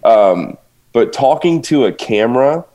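A young musician rambles through a casual podcast chat, laughing at himself and restarting his sentences. His voice sits at a middle pitch for a man. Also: very animated, unhurried, mellow. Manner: rambling, self-deprecating, laughs often, lots of restarts.

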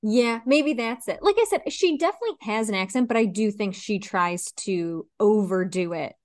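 A chatty woman co-hosting a podcast, rambling loosely with lots of fillers and easy laughter. Her voice sits at a middling pitch. The sound is close and dry. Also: animated, normal speed, no echo. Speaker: podcast co-host. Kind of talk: casual chat.

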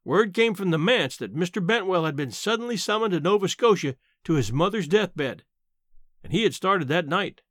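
A man reading a short story aloud in an expressive storytelling manner. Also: high voice, normal speed, no echo, studio quality. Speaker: narrator.

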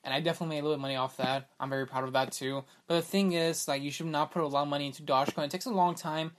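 A man's voice: on the high side, rapid-fire. A young man hosting his own podcast in a casual, rambling chat, full of filler words, and he has the hiccups. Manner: excitable and rambling, many fillers like "like" and "bruh". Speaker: podcast host.

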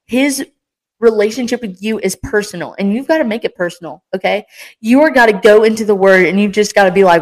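A woman's voice: medium pitch, fairly quick, low-quality recording. A young woman hosting a casual faith podcast, talking with passion and energy in a rambling, encouraging way. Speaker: podcast host.

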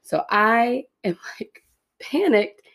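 A woman co-hosting a casual chat, telling a story in a lively, self-deprecating way and laughing often. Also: on the high side, takes it slowly, crowd noise. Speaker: podcast co-host.

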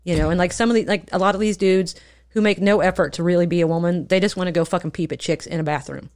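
A woman's voice: fairly low pitch, fast, darkish tone. A woman co-hosting a casual chat, blunt and profane, often laughing. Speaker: podcast co-host.

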